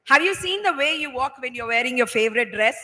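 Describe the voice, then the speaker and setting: Bright high-voiced woman speaker. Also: lively intonation, fast talker. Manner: playful, acts out everyday examples. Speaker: workshop speaker. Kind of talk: motivational talk to students. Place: large hall. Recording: echoey hall.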